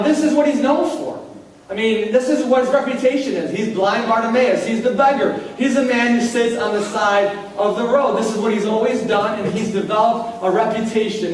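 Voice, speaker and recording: High-voiced pastor preaching in an echoey hall. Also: male voice, a little hiss or hum. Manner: conversational preaching, drawing out key lines. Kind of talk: sermon. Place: church hall. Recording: echoey hall recorded from far off.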